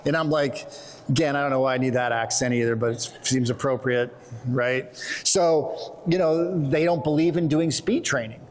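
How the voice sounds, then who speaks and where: A middle-aged man giving a conference talk, animated and joking, telling quick stories to make his points. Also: medium pitch. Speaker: conference presenter. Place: conference hall.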